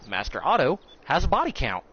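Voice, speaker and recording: Young guy, animated storyteller with a lively voice, recorded muffled in a noisy car. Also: a little high, brisk. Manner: animated, incredulous. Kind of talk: casual storytime.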